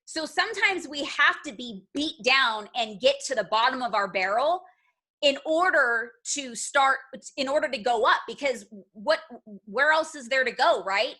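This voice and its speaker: Woman team leader, high and bright voice, animated and emotional motivational storyteller. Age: adult with children. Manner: emotional, animated, addresses listeners as "you guys". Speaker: direct sales team leader.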